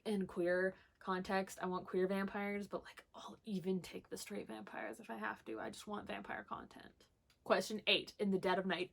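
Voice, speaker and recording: Young woman vlogging about books at home, rambly, lots of likes and ums, bubbly. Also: mid-range voice. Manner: chatty and rambling, with many "like" and "um" fillers; bubbly, enthusiastic gushing. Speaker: book vlogger. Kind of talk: casual chat, answering a book tag.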